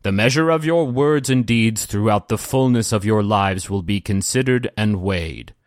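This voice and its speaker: A man voicing a group of divine judging statues that speak down from above, solemn and booming. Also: normal speed, no echo, clean studio sound, lightly acted. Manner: booming, solemn, pronouncing judgment. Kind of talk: tabletop game voice acting.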